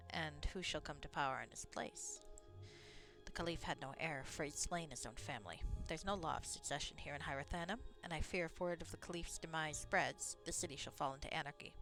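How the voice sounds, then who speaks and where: Woman reading as grave male rebel leader, solemn, measured, low voice. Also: fairly bright tone, soft background music.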